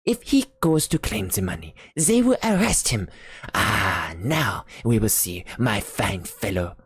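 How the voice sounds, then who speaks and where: Woman playing a stammering, excitable father. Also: rumbling low, measured pace, slight background noise, heavily acted. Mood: defiant. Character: agitated middle-aged father, stammering and defiant.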